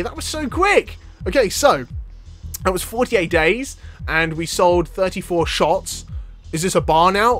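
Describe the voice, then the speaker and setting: Excitable, playful man doing game commentary. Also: fairly high pitch. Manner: playful, excitable, laughs often, talks to game characters. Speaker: gameplay video host. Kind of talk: casual let's-play commentary.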